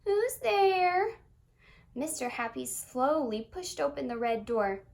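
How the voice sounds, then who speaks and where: A woman reading a children's picture book aloud in an expressive, singsong storytelling manner. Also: on the high side, normal speed, vocal fry.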